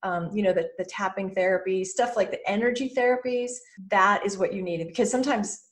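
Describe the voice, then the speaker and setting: A woman in her fifties talks as a guest on a podcast, animated and expressive. She keeps jumping into the worried voices in people's heads to show what she means. Her pitch sits in a middle range. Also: brisk. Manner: lively, acting out anxious inner voices. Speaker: guest mentor. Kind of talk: podcast interview.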